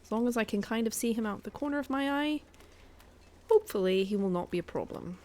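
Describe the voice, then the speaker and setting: A woman's voice: a little high, lively intonation, fast, darkish tone. A woman streaming a survival game from home, chatting and thinking aloud in a put-on Scottish accent and poking fun at herself. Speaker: guest streamer. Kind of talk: casual gameplay commentary.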